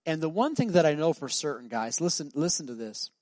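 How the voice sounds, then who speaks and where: A middle-aged pastor preaches a sermon in a church sanctuary, his voice a little high and a little mellow, very animated and brisk. He tells stories conversationally and acts out the voices of the people in them, with no echo on the recording.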